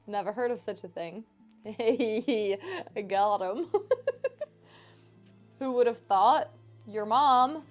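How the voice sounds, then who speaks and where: A woman's voice: medium pitch, takes it slowly, pauses often, soft background music. A woman streaming from home, chatting casually with her viewers into a desk microphone in a playful, teasing way and laughing often. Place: home room.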